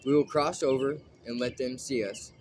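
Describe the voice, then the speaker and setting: A man's voice: medium pitch, fairly even intonation, moderate pace, a little mellow, a little hiss or hum, lightly acted. A man reading aloud and voicing a bold young warrior who speaks in an earnest, urging way.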